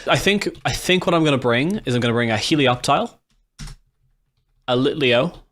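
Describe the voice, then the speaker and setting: An Irish man giving casual, excitable gameplay commentary, swearing freely and thinking aloud as he plays. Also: medium pitch, normal speed. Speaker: gaming YouTuber.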